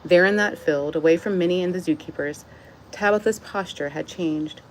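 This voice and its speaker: A woman's voice: on the low side, moderate pace, slight background noise, low-quality recording. A woman reading her own book aloud outdoors into a phone, emotional and close to tears, with personal asides. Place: outdoors in the sun.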